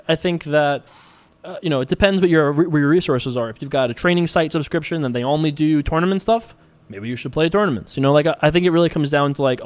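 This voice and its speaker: A man's voice: fairly high pitch, clean tone. A young man hosting a poker show, talking casually and joking as he plays online. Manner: chatty, joking, self-mocking. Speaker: poker player and show host. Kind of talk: casual commentary while playing online poker.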